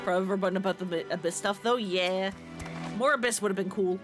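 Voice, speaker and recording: A woman's voice: mid-range voice, a little fast, music in the background. A woman chatting casually and swearing freely while streaming a video game. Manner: profane, chatty, laughs often. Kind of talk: casual gameplay chat.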